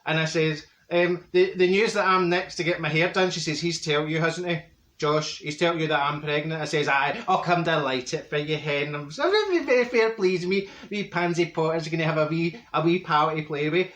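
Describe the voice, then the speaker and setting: At a moderate pace, with a slightly high, bit bright voice in a roomy space, a man lightly acts out a comic monologue to camera. In a Glaswegian Scottish accent, he plays a blunt, chatty middle-aged Glasgow woman who gossips on and on and muddles big words.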